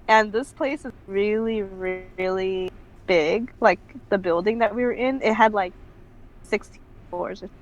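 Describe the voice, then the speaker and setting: A woman's voice: mid-range voice, poor audio. A young woman telling a casual story as a podcast guest, her talk full of "like". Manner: chatty, fills speech with "like".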